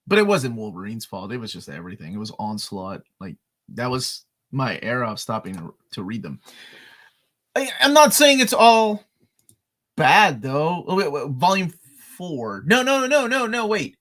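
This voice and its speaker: A man's voice: medium pitch, wildly swooping pitch, moderate pace. A man co-hosting a casual live chat, rambling and correcting himself as he goes. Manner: rambling, self-correcting, swings loud and quiet. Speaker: co-host. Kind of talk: casual chat about comics.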